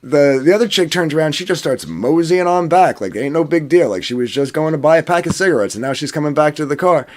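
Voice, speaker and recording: A man's voice: on the high side, fast, hardly any pauses. A man casually telling a story on a podcast panel, swearing and acting out what people said. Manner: animated, swearing, acts out quotes.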